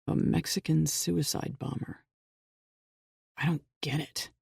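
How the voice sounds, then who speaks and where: A narrator plays a weary man investigator, talking low and hushed as if nobody should overhear. His voice is gravelly and mellow, and he sounds half unable to believe what he hears. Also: fairly even intonation, slow, dry recording, studio quality, full character voice. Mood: hushed disbelief.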